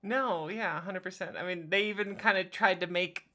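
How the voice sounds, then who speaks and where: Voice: mid-range voice, pushed and bright. A player at a tabletop game, chatting casually and musing aloud, with frequent laughter. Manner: slow, musing, laughs often.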